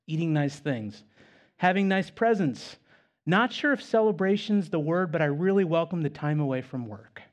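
Conversational male pastor, slightly high voice. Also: animated, normal speed. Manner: conversational, self-deprecating humor. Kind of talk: sermon.

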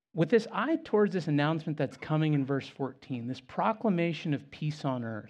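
A man's voice: a little high, darkish tone, dull audio. A male pastor preaching a sermon in a conversational way with self-deprecating humor.

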